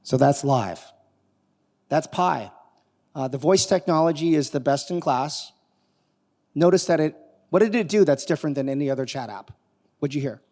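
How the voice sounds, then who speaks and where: A man giving a live conference talk, animated and quizzing the audience as he demos technology. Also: a little high, moderate pace, long pauses. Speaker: conference speaker. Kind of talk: live keynote talk with demo. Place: conference hall on stage. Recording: long reverb of a large hall.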